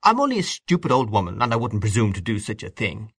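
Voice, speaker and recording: A man's voice: huge pitch swings, fast, husky, no echo, clean studio sound, heavily acted. A man voicing a flustered older woman, an aunt who exclaims indignantly and fusses. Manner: exclaiming, high-pitched.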